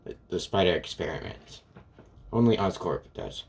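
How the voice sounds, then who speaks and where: A man's voice: low-pitched, lively intonation, moderate pace, gravelly, slight background noise. A man casually retelling a fan story, rambling and filling gaps with "and yeah" and "pretty much".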